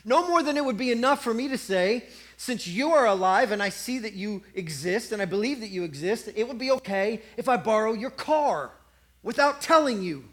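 A man with a high-pitched voice delivers a sermon. He tells his story with animated energy and briefly acts out the voices of a cheering crowd. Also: normal speed. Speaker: preacher.

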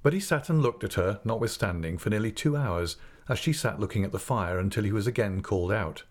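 A man narrating a classic novel aloud in a measured, expressive storytelling manner. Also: lowish voice. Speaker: audiobook narrator. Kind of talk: scripted narration.

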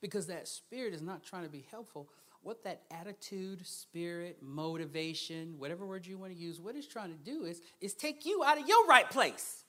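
A man preaching a sermon with a bright, forceful tone that cuts through. His voice is highly animated, swooping up and down. He shifts from quiet, intimate asides to loud, emphatic declarations. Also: moderate pace, few pauses. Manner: animated, swings between hushed asides and loud emphatic bursts. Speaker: guest preacher.

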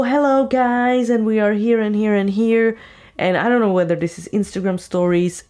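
Rambling, blunt woman with a lowish voice. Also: darkish tone. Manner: rambling, lots of "like" and "you know"; blunt, argumentative. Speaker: vlogger. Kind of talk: casual opinionated commentary.

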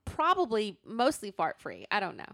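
A woman's voice: medium pitch, wildly swooping pitch, normal speed, fairly bright tone, no room sound, clean studio sound. A woman hosting a podcast in casual chat, telling stories and acting out what others said. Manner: chatty storyteller, acts out quoted reactions. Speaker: podcast host.

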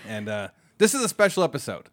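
A man's voice: mid-range voice, sing-song, fast talker, no room sound, clean studio sound. A man hosting a casual podcast, talking loosely with lots of fillers and restarts. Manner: rambling, many fillers. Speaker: podcast host. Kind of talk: casual chat.

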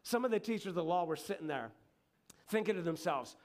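A middle-aged male pastor preaching a sermon, telling the story in an animated, conversational way with frequent asides to the congregation. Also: high-pitched, brisk, creaky.

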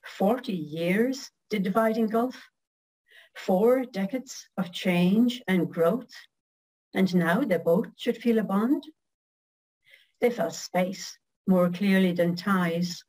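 A middle-aged woman reading her own poem slowly and carefully, then chatting casually as a guest. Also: medium pitch, darkish tone, rough recording. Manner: slow, measured recitation.

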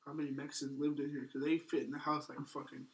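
Guy cracking crude jokes with his buddies, voice a bit high, sitting back from the mic. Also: flat delivery, fast talker, recorded from a distance. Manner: crude, joking banter. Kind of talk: casual chat.

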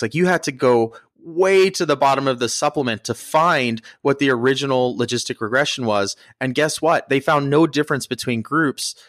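A man's voice: mid-range voice, fairly bright tone, dry recording. A man from the United States co-hosting a podcast, explaining things in a laid-back, jokey, plain-spoken way on a close mic. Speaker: podcast co-host. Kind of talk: casual explanatory discussion.

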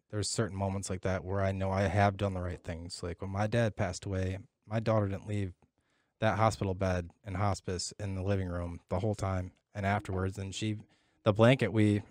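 A man's voice: deep voice, darkish tone, dry recording, clean studio sound. Profane, reflective middle-aged man. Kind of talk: casual chat.

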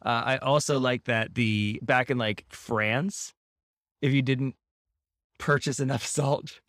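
An American co-host on a casual podcast, animated and laughing, often quoting people in voices. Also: medium pitch, slow pace, no echo, clean studio sound. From United States. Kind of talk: casual chat.

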